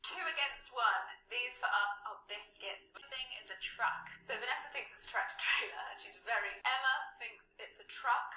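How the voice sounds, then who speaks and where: A woman's voice: fairly high pitch, moderate pace, hardly any pauses, pushed and bright, a little hiss or hum. A woman with a British accent, playfully comparing dialect words and drawing some of them out. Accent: British English. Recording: roomy echo, distant from mic.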